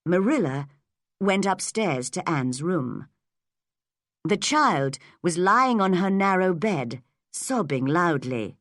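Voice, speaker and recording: A woman narrating an audiobook with gentle, measured storytelling. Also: fairly low pitch, very animated, dry recording, studio quality.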